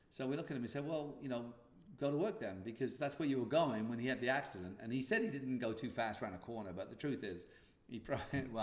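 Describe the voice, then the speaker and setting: A man's voice: on the low side, echoey room. A man hosting a podcast, telling a personal story in a casual way and acting out the dialogue. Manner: animated, acts out dialogue. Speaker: podcast host.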